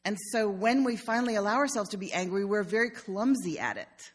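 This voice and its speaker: A woman's voice: mid-range voice, expressive, brisk. Older woman pastor preaching conversationally. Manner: warm storytelling with humor. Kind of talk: conversational sermon.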